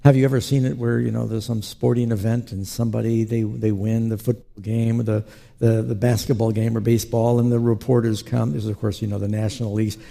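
Dark-voiced man preaching a sermon. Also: on the low side, quick pace, creaky. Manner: animated storytelling preacher who acts out quotes. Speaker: pastor.

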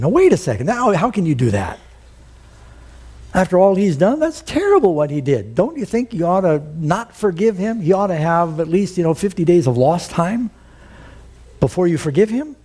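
A middle-aged man preaching a sermon, telling the story with animated, acted-out quotes. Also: fairly high pitch, moderate pace, slightly rough. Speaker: pastor.

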